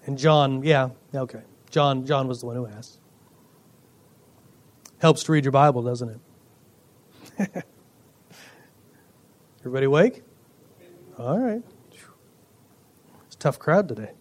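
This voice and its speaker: A male pastor preaching a sermon, swinging between loud emphatic lines and quiet asides, joking with the congregation. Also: mid-range voice, animated, a little slow, pauses often. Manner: jokes with the congregation.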